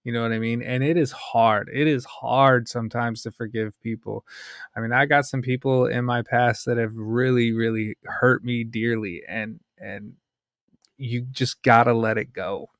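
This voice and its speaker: A man with a New York accent hosting a casual bible study podcast, reading scripture aloud and talking it over in a blunt, forceful way. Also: medium pitch, fairly even intonation, moderate pace, no room sound, clean studio sound.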